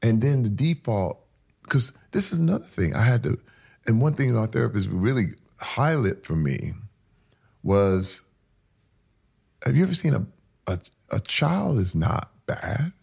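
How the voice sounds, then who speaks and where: A man's voice: mid-range voice, sing-song, measured pace, creaky, a little mellow, breathy edge. A man being interviewed who speaks candidly and earnestly, telling heartfelt stories about his life. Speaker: interview guest.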